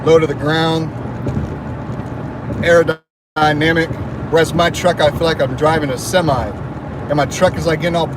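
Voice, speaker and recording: This rambling car vlog comes from a man heading to work on the highway, his voice a little high and level, at a normal speed with frequent pauses. He's chatty and jokey, letting his mind wander, while road noise runs in the background.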